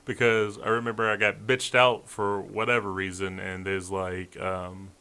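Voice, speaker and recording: Laid-back man with a bright voice. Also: on the low side, flat delivery, normal speed, clear, resonant tone. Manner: laid-back, profane, chuckling. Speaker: podcast co-host. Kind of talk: casual storytelling chat.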